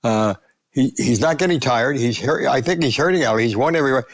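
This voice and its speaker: A man in his nineties, a guest sportswriter, telling animated anecdotes and acting out the voices of people he quotes. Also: mid-range voice, fast. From United States. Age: 90s. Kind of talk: storytelling interview.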